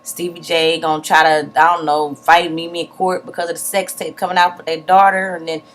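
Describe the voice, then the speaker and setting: A woman's voice: lowish voice, a little fast. A woman recapping a reality show episode in a casual vlog, blunt and profane, acting out what people said. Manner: animated retelling with acted-out quotes, profane, blunt. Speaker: TV show reviewer.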